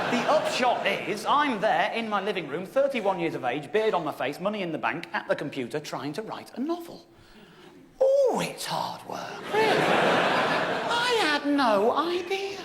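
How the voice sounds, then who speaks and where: A man in his thirties with a high voice tells a stand-up comedy story, wry and exasperated, mocking himself as he goes and laughing often. The background is noisy with audience laughter.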